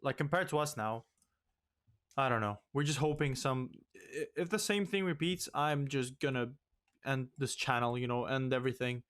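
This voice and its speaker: A young man hosting a let's play, ranting in exasperation and swinging loud and high when upset. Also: normal speed. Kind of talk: ranting game commentary.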